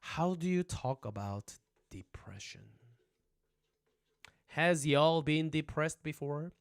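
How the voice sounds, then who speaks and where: A young man teaching a casual livestream language lesson, chatty and animated, always checking in with his viewers. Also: a little high, slow pace, clean tone.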